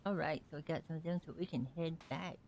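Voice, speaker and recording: Chatty streamer on a casual live gameplay stream, mid-pitched voice, rambles a lot. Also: fast talker, vocal fry, darkish tone, slight background noise. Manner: rambling, chatty, talks to characters in the game and to viewers. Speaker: livestreamer.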